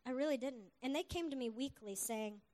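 A middle-aged woman preacher giving an earnest, animated sermon testimony. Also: high voice. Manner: earnest, animated, with quick asides and laughs.

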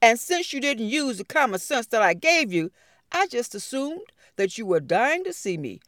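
A patient heavenly voice of the Lord, voiced by a woman narrator, gently scolding a stubborn man with question after question. The delivery rises and falls expressively. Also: fairly high pitch, big pitch swings, moderate pace, no room sound, studio quality, pitched above the performer's own voice. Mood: chiding.

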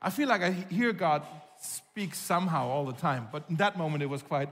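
High-voiced pastor preaching in a reverberant hall. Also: male voice, fairly quick. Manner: storytelling, animated, acts out quoted voices. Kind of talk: sermon. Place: church hall. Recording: long reverb of a large hall.

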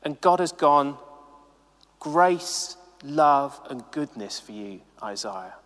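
Lively conversational male preacher. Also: mid-range voice, slow, big-room sound. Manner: animated, conversational, many "like"s. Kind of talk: sermon to camera. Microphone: camera mic.

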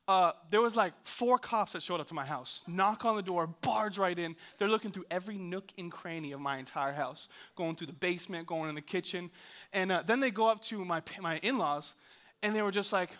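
A young man, a youth pastor, telling a funny story in an energetic, joking sermon. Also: sits high. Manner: hyped, joking, animated storyteller.

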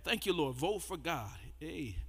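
A man preaching and praying in church, shouting and half-singing his phrases, often stammering and repeating words. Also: on the high side, sing-song, measured pace, husky. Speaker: pastor. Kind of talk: fiery sermon and prayer.

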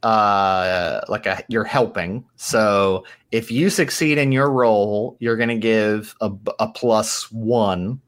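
Game master, slow delivery, hesitant, measured rulings. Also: medium pitch. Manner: measured, hesitant, thinking aloud over rulings. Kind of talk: running a tabletop game.

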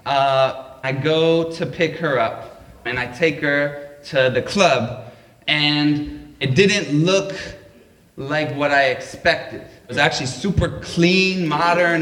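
A man's voice: fairly high pitch, fairly bright tone, far from the mic. A man telling a comedic story on stage at a live event, wry and self-deprecating. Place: live event at a public library. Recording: echoey live room.

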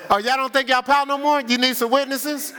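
An older man preaching a sermon as pastor, playful and lively, laughing with his congregation and acting out the voices of the people he quotes. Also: very high voice, fairly quick. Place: church sanctuary.

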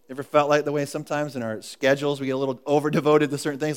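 A man's voice: mid-range voice, fairly even intonation, quick pace, smooth. A man preaching a casual sermon as pastor in a church meeting room, talking loosely with jokes, restarts and laughs.

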